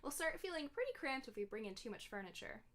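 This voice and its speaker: A peppy young otter design mentor from a cozy video game, voiced by a woman reading the tutorial text, giving cheerful, step-by-step instructions in a slightly high, bright-natured voice. The delivery stays close to an everyday speaking voice. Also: big pitch swings, quick pace. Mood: cheerful explaining.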